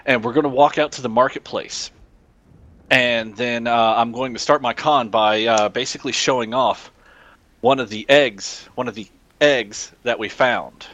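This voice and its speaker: A man playing a tabletop game, talking in a halting way that repeats words. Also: medium pitch, fairly even intonation, fairly bright tone. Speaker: player. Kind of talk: tabletop game role-play.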